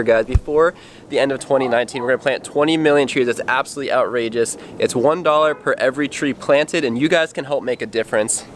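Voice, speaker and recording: Young man vlogging from up a tree. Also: on the high side. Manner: upbeat, addresses viewers directly. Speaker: vlogger host. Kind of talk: casual vlog talk. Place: outdoors up in a tree. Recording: outdoor noise behind.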